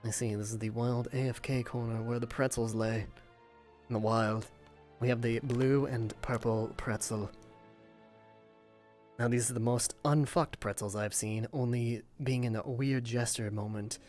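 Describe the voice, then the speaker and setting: A streamer doing a hushed nature documentary narrator. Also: fairly even intonation, unhurried, faint music behind, lightly acted. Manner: low, hushed, mock-serious.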